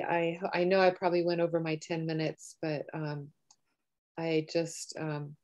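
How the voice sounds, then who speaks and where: A woman activist addresses a panel with an earnest, urgent appeal. Her voice sits a little low, and she presses listeners to organize and join in. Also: mellow. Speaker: anti-drone activist organizer. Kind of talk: panel talk.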